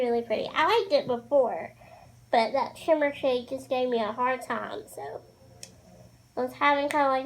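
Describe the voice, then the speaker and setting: Young woman, high voice, bubbly, gushing, casual vlog chat, slight background hiss. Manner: bubbly, gushing, chatty with fillers. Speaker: beauty vlogger. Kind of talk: casual makeup tutorial chat.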